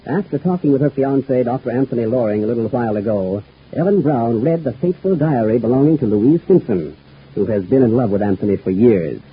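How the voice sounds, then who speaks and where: Male announcer, radio serial narration, husky voice, thin tinny broadcast. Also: mid-range voice, expressive, a little fast. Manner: smooth, formal announcing.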